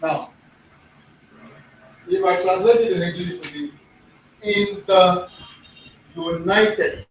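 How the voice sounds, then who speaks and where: A man's voice: high-pitched, steady tone, slow, long pauses. A middle-aged man teaches pronunciation to a class. He repeats words and quizzes the students. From Nigeria. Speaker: language teacher. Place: echoey classroom. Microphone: far room mic. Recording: echoey room, distant mic, faint noise.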